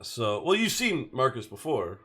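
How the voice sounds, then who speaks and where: A man's voice: medium pitch, big pitch swings, measured pace, pushed and bright, soft background music. A man playing a tabletop game, explaining what his character does and trailing off. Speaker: player. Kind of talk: casual role-play talk.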